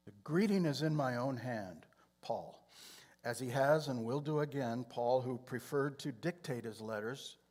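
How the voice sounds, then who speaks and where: Man teaching a sermon, measured. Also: medium pitch, a little mellow. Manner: measured teaching delivery with frequent throat-clearing. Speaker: Bible teacher.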